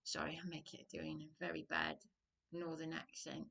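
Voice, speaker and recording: A woman's voice: sits low, monotone, moderate pace, creaky, pushed and bright. A woman telling a rambling personal story to camera, drifting off on tangents with sighs and hesitations. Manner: digressive, hesitant, sighing. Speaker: vlogger.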